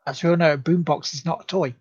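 A man's voice: on the high side, fairly even intonation, fast talker, breathy edge. A man co-hosting a casual gaming show, dropping short dry jokes and asides. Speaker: podcast co-host. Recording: dull dry lo-fi mic.

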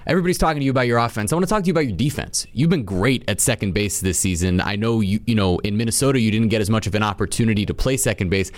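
A man hosting a sports interview, asking friendly, measured questions. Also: fairly low pitch. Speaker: interview host.

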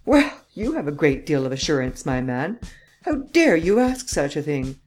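A woman reading the part of a suave, self-assured male gentleman thief in an audiobook, cool and mocking. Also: low-pitched, very animated, moderate pace, faint music behind.

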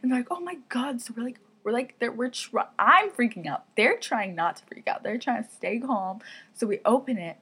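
A woman's voice: a little high, animated, moderate pace, sharp tone, slightly rough. A young woman hosting a podcast, telling a story in a chatty way, full of fillers and laughs. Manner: chatty, giggly, lots of "like" fillers. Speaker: podcast host. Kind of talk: casual storytelling.

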